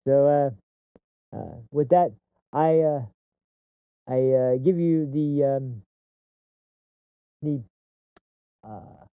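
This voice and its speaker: A man's voice: mid-range voice, extremely slow, long pauses, clean tone, dry recording. A man hosting a show, talking off the cuff in a rambling monologue full of restarts and fillers, swearing when he gets heated. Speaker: podcast host. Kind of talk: casual commentary monologue. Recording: dry, tinny phone-like sound.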